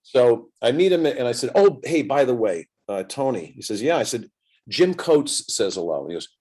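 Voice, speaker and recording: A man's voice: mid-range voice, very animated, normal speed, darkish tone, slightly rough. A man in his sixties telling a long anecdote in a casual interview, acting out both sides of the conversations as he goes. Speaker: guest entertainer.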